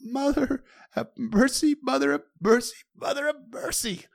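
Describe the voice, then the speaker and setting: A man voicing a frightened, heavyset young soldier with a hushed, husky, pleading voice. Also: extremely high pitch, moderate pace, voice pushed up.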